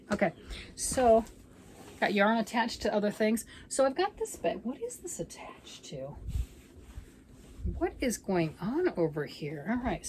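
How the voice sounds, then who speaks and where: A woman's voice: medium pitch, a little mellow, slight background noise, low-quality recording. A middle-aged woman hosting her crochet channel, chatting casually to camera in a rambling, self-mocking way.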